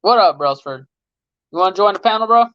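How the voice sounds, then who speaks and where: A man's voice: high voice, lively intonation, fairly quick, a bit bright, dry recording, highs cut off. A man in his late thirties, a mechanic hosting a casual livestream, chatting loosely with viewers in slang and laughing often. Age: late 30s. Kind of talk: casual livestream chat reading viewer comments. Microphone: phone.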